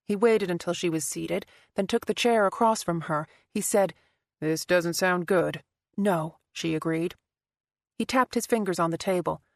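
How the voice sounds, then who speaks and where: A woman narrating a thriller audiobook in a steady, even storytelling manner. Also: lowish voice, normal speed, creaky, no room sound, studio quality. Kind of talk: scripted narration.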